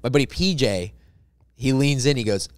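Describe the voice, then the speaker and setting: A man, a comedian guest on a podcast, telling a story in casual, lively fashion and acting out the people in it. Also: medium pitch, moderate pace, no room sound, clean studio sound. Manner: animated, acts out characters in his story.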